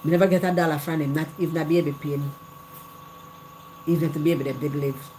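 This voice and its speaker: A woman's voice: deep voice, fairly even intonation, quick pace, warm tone, a little hiss or hum. A middle-aged Jamaican woman hosting a live chat, telling her own story candidly in patois and repeating phrases. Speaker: live stream host.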